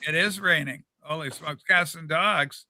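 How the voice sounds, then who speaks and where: A man hosting a casual livestream chat from a desk mic, rambling and animated. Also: on the high side, unhurried. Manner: rambling and animated, with many fillers. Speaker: livestream show host. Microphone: desk microphone.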